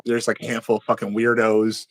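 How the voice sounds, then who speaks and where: A man's voice: lowish voice, completely flat delivery, a little fast, no echo. A young man co-hosting a podcast in casual chat, blunt and swearing freely. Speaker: podcast co-host.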